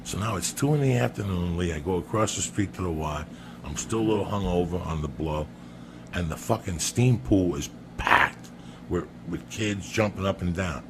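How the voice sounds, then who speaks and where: Against a noisy background, a man with a low voice tells a crude, comic story on a podcast at a moderate pace. He swears often, speaks emphatically, and keeps calling his listener by name.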